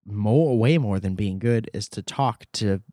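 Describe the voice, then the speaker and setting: A man's voice: on the low side, measured pace, warm tone, no echo, clean studio sound. A man hosting a podcast, telling a rambling story in casual chat and often correcting himself mid-sentence. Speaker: podcast host.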